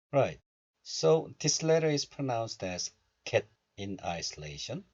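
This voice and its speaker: Husky-voiced man teaching pronunciation. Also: lowish voice, darkish tone, muffled recording. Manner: explains step by step and repeats syllables slowly for learners. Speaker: Korean language teacher. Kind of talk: recorded pronunciation lesson.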